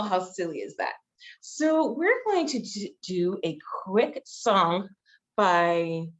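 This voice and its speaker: A woman librarian reading picture books aloud to children over a video call, exclaiming and gasping as she goes. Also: a little high. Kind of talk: children's storytime read-aloud. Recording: dull lo-fi video call audio.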